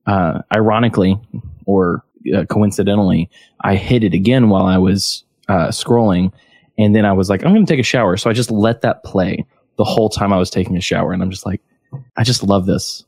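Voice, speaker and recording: A man's voice: low-pitched, fairly even intonation, brisk, a little mellow, no room sound, clean studio sound. An American man co-hosting a podcast, rambling enthusiastically with lots of fillers. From United States. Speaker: podcast co-host. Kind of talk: casual chat.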